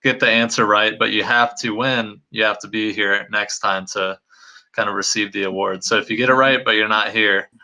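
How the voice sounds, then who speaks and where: Bright-voiced young man, hesitant host. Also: lowish voice, steady tone, normal speed, low-quality recording. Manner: hesitant, many fillers. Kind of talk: casual webinar hosting.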